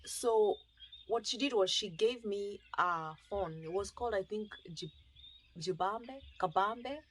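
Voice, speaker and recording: A woman with a Kenyan accent, telling an animated, emotional personal testimony and acting out the dialogue. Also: medium pitch, unhurried, a little hiss or hum. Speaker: storyteller.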